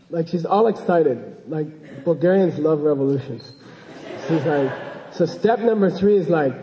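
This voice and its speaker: A man's voice: fairly high pitch, expressive, normal speed, mellow, in a large hall, low-quality recording. A man giving an informal dharma talk as a Buddhist teacher, rambling and joking and often checking in with his listeners.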